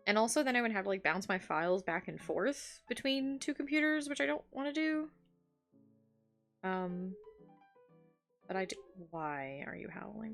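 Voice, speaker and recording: Brief: casual woman art streamer, rambly and chatty, mid-range voice with some vocal fry, soft guitar music behind. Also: mid-range voice. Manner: chatty, rambling with many "like"s, laughs often. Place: home.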